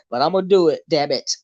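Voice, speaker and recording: A woman hosting a YouTube commentary show, ranting in a blunt, loud, heavily profane way. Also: a little high. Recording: dull lo-fi sound.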